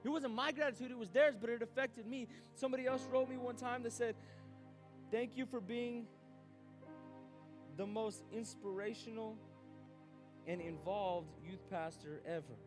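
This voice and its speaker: A man preaching a youth sermon as youth pastor, animated, acting out his own doubts aloud. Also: very high voice, moderate pace, pauses often, over music.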